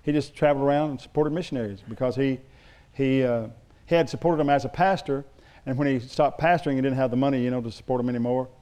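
A man's voice: medium pitch, quick pace, warm tone. A middle-aged male pastor preaching a sermon, telling stories in a loose, rambling way with restarts.

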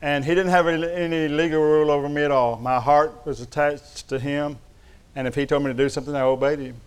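A man's voice: on the high side, steady tone, quick pace, clean tone. A middle-aged man preaching a sermon, telling folksy stories with humor. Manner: folksy storytelling with humor and Southern address. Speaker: pastor.

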